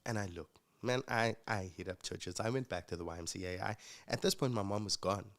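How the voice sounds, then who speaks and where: A South African man, appearing as a podcast guest, tells his story in a relaxed, reflective manner. His voice sits on the low side, and he pauses with fillers and restarts his sentences.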